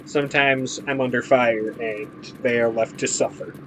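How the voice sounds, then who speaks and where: A man's voice: mid-range voice, steady tone, normal speed, a crowd in the background. A man streaming a video game, giving casual commentary that turns sarcastic and profane. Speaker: gaming streamer. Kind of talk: let's play commentary.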